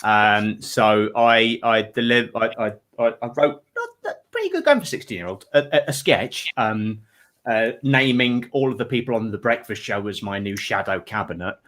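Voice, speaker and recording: A man's voice: fairly low pitch, sing-song, moderate pace, a bit bright. A man in his thirties hosting a comedy panel show, rambling and self-deprecating with stumbling restarts. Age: 30s.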